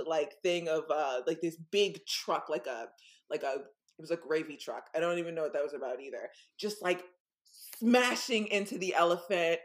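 A young woman co-hosting a podcast, telling a story casually in a rambling way, full of "like" and "um". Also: fairly low pitch. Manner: rambling, full of "like" and "um", acts out voices. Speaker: podcast co-host.

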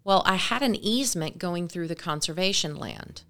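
A woman in her forties, a podcast guest, telling a story casually and briskly and acting out dialogue. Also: fairly low pitch. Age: 40s. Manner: brisk, animated, acts out dialogue.

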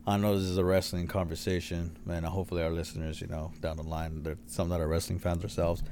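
A man with a lowish voice co-hosts a podcast, relaxed and swearing casually. He laughs easily and talks straight to the listeners. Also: quick pace, a little hiss or hum. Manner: laid-back and profane, laughs often. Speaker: podcast co-host. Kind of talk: casual chat.

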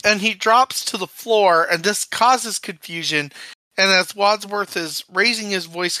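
A podcast co-host recapping a movie in casual chat, telling the plot with animated quoted lines. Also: mid-range voice, dry recording, low-quality recording. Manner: lively storyteller, acts out quotes.

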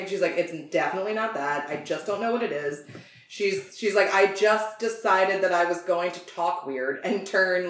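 Gushing, chatty podcast woman in a roomy space. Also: mid-range voice. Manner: chatty, gushing, swears freely, many fillers. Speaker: podcast co-host. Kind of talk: casual chat. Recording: roomy echo.

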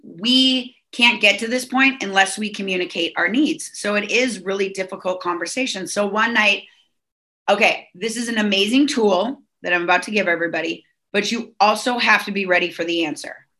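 A woman's voice: medium pitch, brisk, few pauses, pushed and bright. A middle-aged woman from Southern California, a guest on a podcast, talking in a chatty way full of fillers and restarts. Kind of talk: casual podcast chat.

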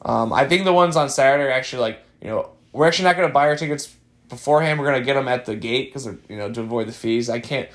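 Young man, podcast host, casual chat, rambling, wry, lots of fillers. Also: medium pitch.

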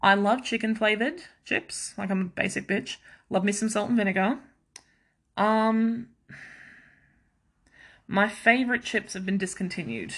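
Bright chatty woman. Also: mid-range voice. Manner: chatty and self-mocking, quick asides, laughs often. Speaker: podcast host. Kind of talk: casual chat.

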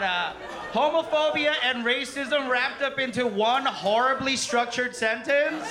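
A man in his thirties doing a stand-up comedy set on a club stage, animated and crude, often laughing mid-sentence. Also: very high voice, slow, crowd noise, noisy background. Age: 30s. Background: laughing audience.

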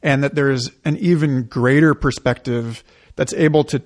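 A man explaining an idea in casual conversation, in a deliberate way. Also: mid-range voice, fairly even intonation.

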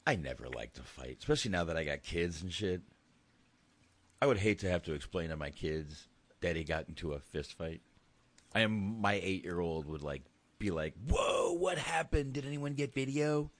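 A man's voice: a bass voice, animated, moderate pace, no echo. A man in his thirties in casual chat, a laid-back, rambling and profane storyteller.

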